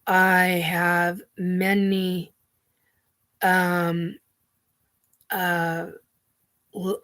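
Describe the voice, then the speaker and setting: A woman hosting her own show, talking in a halting, earnest way as she searches for words. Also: lowish voice, fairly bright tone. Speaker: show host. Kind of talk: personal monologue.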